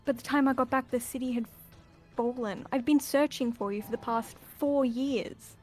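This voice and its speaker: Brief: woman voicing an earnest, pleading traveler, fairly high voice, faint music behind. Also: fairly even intonation, moderate pace, darkish tone, close to an everyday voice. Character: earnest traveler searching for a lost friend.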